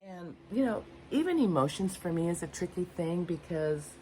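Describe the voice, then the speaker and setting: Older woman, low voice, unscripted self-reflective vlog talk, meandering and frank. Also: lively intonation, normal speed, darkish tone, slight background noise. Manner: candid, rambling, searching for words. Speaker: vlogger. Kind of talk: unscripted personal talk to camera.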